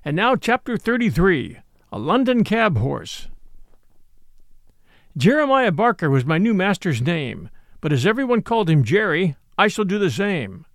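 A man reading a classic novel aloud as an audiobook, in a gentle storytelling manner. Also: sits high, big pitch swings, measured pace, no echo, clean studio sound. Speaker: audiobook narrator. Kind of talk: scripted narration of a classic novel.

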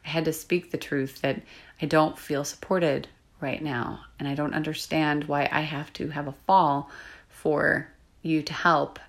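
Low, gravelly-voiced woman coach. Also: little pitch movement, measured pace. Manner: soft-spoken, confiding, drifts into whispers. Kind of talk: reflective solo podcast monologue.

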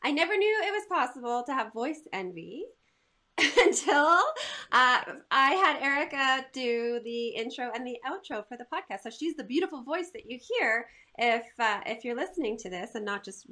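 A woman's voice: high-pitched, lively intonation, normal speed, sharp tone. A woman hosting a podcast interview in a casual, friendly way, laughing often. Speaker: podcast host.

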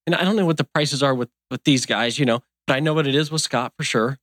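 A man's voice: mid-range voice, fast, fairly bright tone, no echo, studio quality. A man in his fifties who owns a donut shop, talking in a casual interview in an earnest, folksy, rambling way. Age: 50s.

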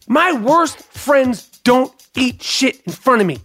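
A man hosting a solo comedic podcast, ranting in a profane, animated, mock-outraged way. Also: very high-pitched, slow, soft background music. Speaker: podcast host.

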